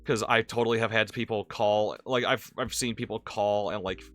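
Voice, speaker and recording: A man's voice: lowish voice, fairly even intonation, normal speed, a bit bright, soft background music. A man streaming a game and chatting casually, rambling with restarts and frequent cursing. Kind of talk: casual gaming stream commentary.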